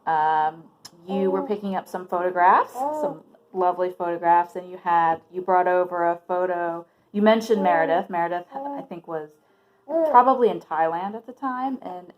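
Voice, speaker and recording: Woman, lowish voice, chatty storytelling, lots of ums. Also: slight background noise, poor audio. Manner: chatty storytelling with many fillers. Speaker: family friend giving a tribute. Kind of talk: recorded video message.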